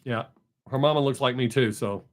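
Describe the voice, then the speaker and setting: Speaking at normal speed in a mid-range voice, this middle-aged live-stream host shoots the breeze with his viewers. His talk is loose, profane, and rambling, full of restarts.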